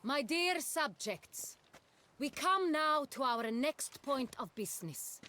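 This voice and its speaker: An actress playing a gracious, regal duchess in a video game, speaking in a stately, measured way. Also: female voice, sits high, lively intonation, bright, forceful tone, heavily acted.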